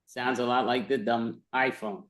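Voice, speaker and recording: A man chats loosely, rambling from one gripe to the next. He sounds exasperated, and his voice sits in a middle pitch. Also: steady tone, normal speed, a bit bright. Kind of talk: casual chat.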